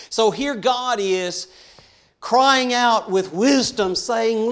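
High-voiced preacher with dramatic swings. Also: male voice, clear, resonant tone. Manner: dramatic swings from soft to loud, slows for emphasis. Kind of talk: sermon.

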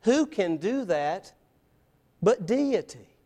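A man with a high voice delivers a sermon from the pulpit. He talks emphatically and presses his points with rhetorical questions. His volume swings between loud declarations and quiet asides. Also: big pitch swings, takes it slowly. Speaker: preacher. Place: church, evening service.

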